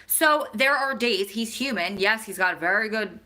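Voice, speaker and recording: A woman vlogger answers her viewers' questions in a casual, chatty way and speaks straight to them. Her voice is bright and a little sharp, pitched in the middle for a woman. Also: animated, normal speed. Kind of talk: casual chat.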